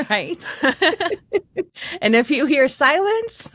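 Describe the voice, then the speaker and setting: A woman's voice: sits high, sing-song, extremely slow, a bit bright, no echo. A woman, a voice coach and podcast co-host, who chats with care and hedges her words. She has a singer's trained, well-projected voice. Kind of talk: casual chat.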